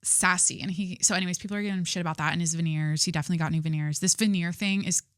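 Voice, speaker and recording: Talking very fast in a fairly low, steady voice, a young woman podcast host chats casually, rambling with heavy use of "like," swearing, and poking fun at herself. The audio is clean studio sound without echo.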